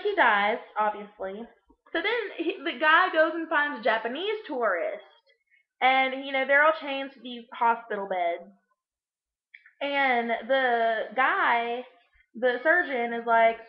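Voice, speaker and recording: A young woman with a higher voice rambles through a crude, sarcastic movie recap, full of fillers. She is recorded in an echoey room. The sound is muffled and lo-fi. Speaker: vlogger. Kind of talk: casual movie recap vlog.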